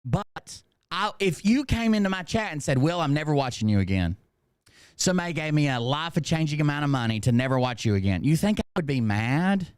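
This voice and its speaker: A middle-aged man streaming an unscripted commentary rant, swearing freely and arguing straight at his chat. His voice sits a little high for a man and comes across dry and close, with no room sound. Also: lively intonation, a little fast, clean tone, no room sound. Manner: profane, emphatic, talks to chat directly.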